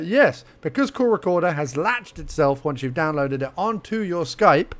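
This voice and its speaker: A fairly high-pitched young man talks through a casual software tutorial. He chats playfully, mutters to himself as he clicks around, and jumps to mock surprise at what he finds. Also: expressive, moderate pace, hardly any pauses. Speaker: podcast host giving a tutorial. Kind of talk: casual screen-recorded tutorial.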